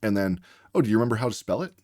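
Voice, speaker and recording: A man's voice: on the low side, expressive, very fast, dark tone, no room sound. A man working as a reading tutor, patiently explaining word spellings while acting out both teacher and student. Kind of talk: instructional demonstration.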